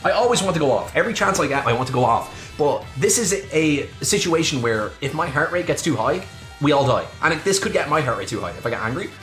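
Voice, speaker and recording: A young woman streaming a voice-acted game playthrough, joking and swearing in animated commentary. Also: low voice, quick pace. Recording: echoey room, faint music behind.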